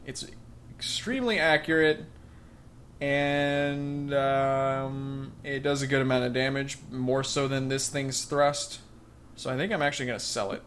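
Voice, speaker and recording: A man's voice: fairly high pitch, measured pace, slight background noise. A man hosting a let's play, reading game text and making rambling, wry, joking asides in sarcastic commentary. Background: faint game music.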